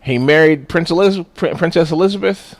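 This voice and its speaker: A man's voice: on the high side, a little fast, no room sound. A man co-hosting a podcast in casual chat, blunt and profane, laughing often. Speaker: podcast co-host.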